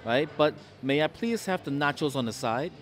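A food and travel vlogger hosts a casual vlog from a sports bar restaurant, chatting and rambling through anecdotes. His voice sits on the high side with lively intonation and a moderate pace, and soft music plays in the background.

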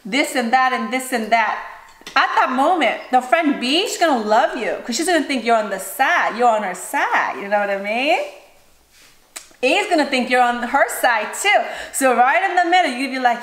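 A woman in her thirties, a mother giving casual advice while eating on her vlog. She talks in a chatty, animated way and keeps acting out other people's lines. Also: sits high, moderate pace. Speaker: mukbang and recipe vlogger, mother. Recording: roomy echo with clattering dishes.

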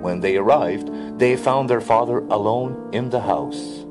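A man reading a classic fairy tale aloud in an expressive storybook narration. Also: mid-range voice, a little slow, music in the background.

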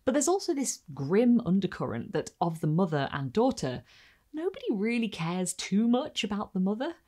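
A woman's voice: medium pitch, moderate pace. A woman hosting a book video, discussing a short story and reading passages aloud expressively. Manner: expressive reading, lively quotes. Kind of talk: book review and read-aloud.

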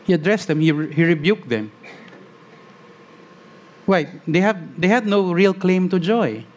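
A man preaching a sermon as pastor, earnest, slowing on key phrases and rising as he reads scripture aloud. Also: high voice, expressive, darkish tone, muffled recording.

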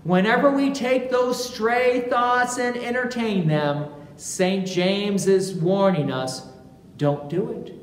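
A pastor preaching a sermon in a church, speaking slowly and deliberately and acting out quotations with animation. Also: medium pitch. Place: large church sanctuary. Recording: echoey church hall with long reverb, faint ambience.

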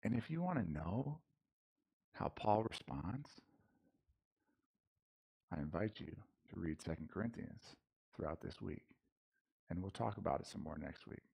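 A man's voice: low-pitched, lively intonation, a little slow, vocal fry, pauses often, dark tone, slightly rough. A man preaching a casual sermon in church, talking loosely with slang and frequent restarts. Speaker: pastor. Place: church sanctuary.

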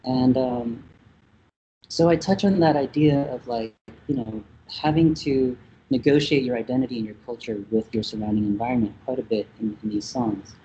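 A man's voice: mid-range voice, moderate pace, warm tone, highs cut off, slight background noise. A man from Vietnam, interviewed as a musician, talking in a thoughtful, hesitant way with many fillers. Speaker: musician guest. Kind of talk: casual interview talk.

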